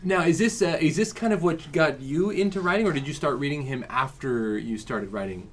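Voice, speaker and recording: Easygoing male interviewer, fairly high voice. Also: fairly quick. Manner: easygoing, chatty, with fillers and laughs. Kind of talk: casual interview chat.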